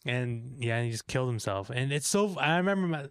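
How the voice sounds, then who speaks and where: A young man co-hosting a podcast, chatting casually about movies, animated and swearing, acting out scenes in quick bursts. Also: mid-range voice, clean tone, dry recording, studio quality. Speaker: podcast co-host. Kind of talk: casual movie review chat.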